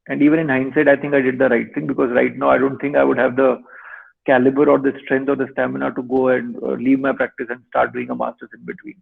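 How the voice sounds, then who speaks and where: Gravelly lawyer on a tinny call line. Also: male voice, medium pitch. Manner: measured, advisory. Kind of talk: webinar answer. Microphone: video call. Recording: tinny online call audio.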